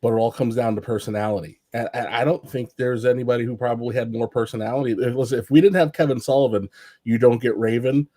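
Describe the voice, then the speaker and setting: Rambling wrestling talker, dry close mic. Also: male voice, medium pitch, fast talker, hardly any pauses, dry recording. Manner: rambling, many fillers and restarts; animated, acts out quotes in raised voice. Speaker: wrestling podcast panelist. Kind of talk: casual storytelling chat.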